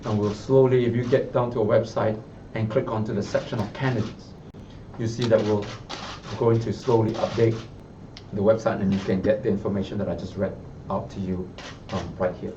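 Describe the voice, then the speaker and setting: A man's voice: fairly low pitch, steady tone, a little fast. A Singaporean man reads a candidate's profile aloud at a press conference in a party office. He is recorded from a distance, so his voice is muffled and set against faint background hum. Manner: reads a prepared biography, then speaks off the cuff with restarts. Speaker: party spokesman. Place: party office, room with reporters. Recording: muffled sound from a distant mic.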